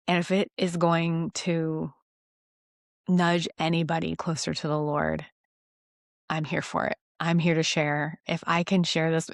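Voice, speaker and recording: A woman giving a rambling, earnest faith testimony, self-deprecating and quick to laugh at herself. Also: low-pitched, no room sound, clean studio sound. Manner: halting restarts when emotional. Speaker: Christian devotional vlogger.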